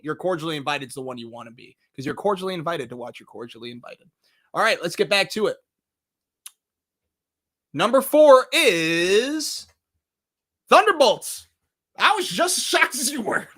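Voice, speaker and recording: Host, male, high and bright, very animated delivery, livestream movie countdown. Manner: excitable, swings between loud bursts and low asides, swears casually. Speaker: movie review show host.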